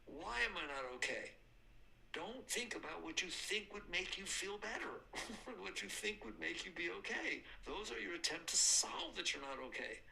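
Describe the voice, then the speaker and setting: A man's voice: high voice, lively intonation, moderate pace, gravelly, pushed and bright, slight background noise, poor audio. An older man giving a spiritual talk, emphatic, repeating points and answering his own questions. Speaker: spiritual teacher.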